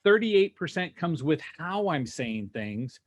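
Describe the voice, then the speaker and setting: Male sales trainer, fairly high voice, punchy and rhetorical, talking over a video call. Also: unhurried. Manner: energetic, rhetorical, keeps asking "right?" and "okay?". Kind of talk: animated teaching on a video call.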